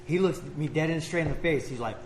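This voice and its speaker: A man's voice: fairly high pitch, quick pace. A man telling a story on a podcast, laughing and swearing his way through it in a casual chat. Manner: animated, profane storytelling with laughter. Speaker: podcast co-host. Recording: echoey room with loud background noise.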